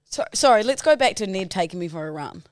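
A woman's voice: mid-range voice, expressive, fast, no room sound, studio quality. A young woman co-hosting a podcast, playful and teasing, laughing often in casual banter. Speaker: podcast co-host.

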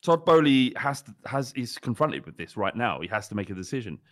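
A man co-hosting a casual football podcast, measured and wry as he builds his points. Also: mid-range voice, very animated, no echo, studio quality. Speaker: podcast co-host.

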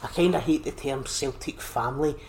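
A man's voice: on the high side, fairly quick, creaky, slight background noise. A man with a Scottish accent, a comedian chatting casually and acting out anecdotes, often repeating phrases. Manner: animated, repeats phrases, acts out quotes. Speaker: podcast guest, comedian. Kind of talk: casual chat, storytelling.

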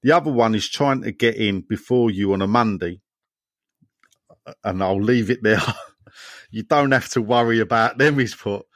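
A podcast host with a fairly low voice reads listener messages aloud and swaps jokes with his co-hosts in animated banter at a moderate pace. The studio-quality recording has no room sound.

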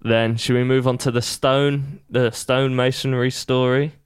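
A man's voice: mid-range voice, little pitch movement, moderate pace, clean tone, dry recording. A man hosting a comedy podcast, steadily recapping a TV series plot. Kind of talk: casual comedy podcast chat.

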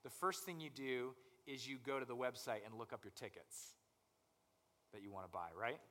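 A young man preaching a conversational sermon as pastor, animated and acting out people's inner voices. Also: medium pitch, moderate pace, in a large hall.

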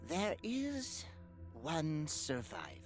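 A game master voicing a cold, contemptuous female insect queen with mantis claws, speaking in measured, aloof tones. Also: fairly high pitch, huge pitch swings, faint music behind, heavily acted.

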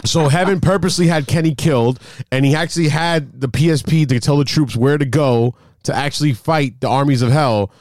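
Rambling excitable man, dry sound. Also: a little high, normal speed, no echo. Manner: rambling, excitable storyteller with many fillers. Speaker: podcast co-host. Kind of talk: casual sports chat.

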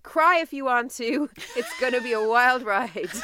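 A woman's voice: on the high side, animated, measured pace, a crowd in the background. A woman co-hosting a podcast in casual chat, talking freely and laughing often, feeling emotional. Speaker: podcast co-host.

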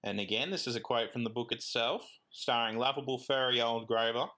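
A man's voice: mid-range voice, fairly quick, bright, forceful tone. A man, co-hosting a podcast in casual chat, joking and laughing often and slipping into silly voices. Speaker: podcast co-host.

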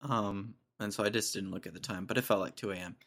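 A man's voice: fairly low pitch, fairly even intonation, fast talker, creaky, a bit bright. A young man in his twenties hosting a podcast, telling a rambling, jokey story in casual slang. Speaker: podcast host.

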